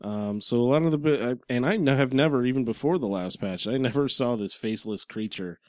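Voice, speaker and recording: A man talking in a casual podcast chat, measured and a little hesitant, often pausing on an um. His voice is at an ordinary pitch, recorded dry and close. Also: no echo. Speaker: podcast co-host.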